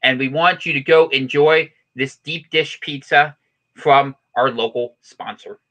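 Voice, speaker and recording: Brief: man doing a bright, booming local news anchor, high-pitched and mock-serious. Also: measured pace. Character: overexcited male local TV newscaster.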